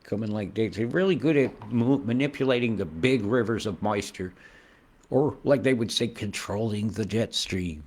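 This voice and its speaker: A man's voice: fairly low pitch, normal speed, a little mellow. A man with a rambling, conspiratorial and profane manner, pointing out things on a screen as a weather vlogger.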